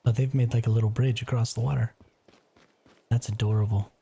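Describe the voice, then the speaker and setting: A man's voice: mid-range voice, little pitch movement, fairly quick, creaky, dark tone, slightly rough. A man streaming a survival game live, chatting casually, reacting aloud and answering his viewers. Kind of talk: casual live gameplay commentary.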